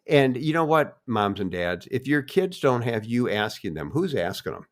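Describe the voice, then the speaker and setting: A man's voice: mid-range voice, sing-song, normal speed, few pauses. An older man co-hosting a family podcast, folksy and encouraging in tone. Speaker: co-host. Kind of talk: casual podcast chat.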